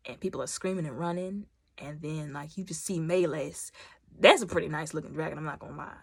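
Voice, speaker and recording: A woman chatting casually through a TV episode recap, animated and talkative, acting out bits of the scenes. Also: sits low, brisk, creaky, breathy edge, dry recording. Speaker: YouTube TV reviewer.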